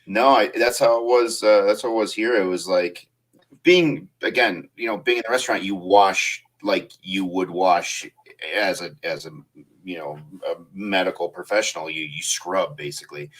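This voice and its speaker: A man hosting a casual podcast conversation, rambling with many pauses and fillers, laughing often. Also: sits low, a bit bright. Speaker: podcast host. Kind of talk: casual chat.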